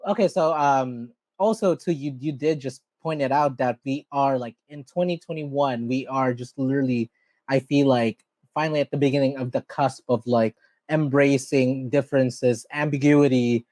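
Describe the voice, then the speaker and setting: A man's voice: medium pitch, fairly even intonation, normal speed, darkish tone, no room sound. A man hosting a podcast, chatty and upbeat, talking casually with many fillers. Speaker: podcast host. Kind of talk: casual interview chat.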